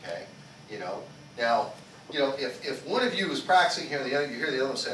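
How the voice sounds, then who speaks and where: A male martial arts instructor teaching a small class. His pitch swings widely as he asks questions and tags "okay?" onto his points. He is picked up by a distant mic in an echoey training hall, with clear background noise. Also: big pitch swings, fast talker, bright, forceful tone. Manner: repeats "okay?" after nearly every sentence; asks the class questions and leads group chants. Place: karate school training hall.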